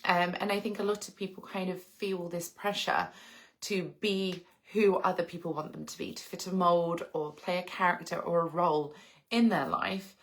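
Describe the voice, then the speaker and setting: Streaming live from her English countryside home, a vlogger in her late thirties from England reads the chat and answers viewers in a casual, reflective way. She speaks with a fairly low pitch, a steady tone, and a moderate pace.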